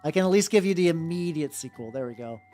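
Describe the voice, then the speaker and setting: A miniature-painting VTuber speaks at a quick pace in an expressive, mellow, medium-pitched voice. Chatting with live viewers as they work, they ramble and swear, often restarting sentences. Faint music plays in the background.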